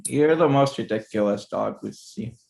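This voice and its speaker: A man's voice: fairly low pitch, normal speed, gravelly, a little mellow. A man hosting a podcast over a video call, chatting casually and rambling, often stumbling and restarting his words. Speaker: podcast host. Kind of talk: casual chat.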